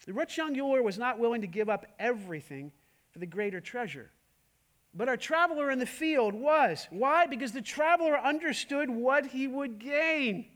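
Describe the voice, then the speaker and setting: High-voiced male pastor, emphatic sermon delivery, full of rhetorical questions. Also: expressive, moderate pace. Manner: emphatic, swings between loud and hushed, many rhetorical questions.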